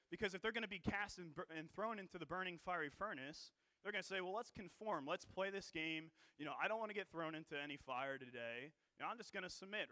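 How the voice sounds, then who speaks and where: Man, sermon, bright and forceful tone, slightly high voice, dry close sound, throat-clearing, chatty "you know" asides. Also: no room sound. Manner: conversational, many fillers and tag questions. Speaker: preacher. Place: church.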